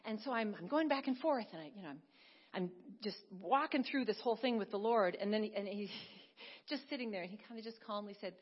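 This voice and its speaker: Breathy woman preaching a heartfelt testimony. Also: mid-range voice, fairly quick, lo-fi sound. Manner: earnest storytelling, swings from hushed to emphatic. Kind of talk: sermon testimony.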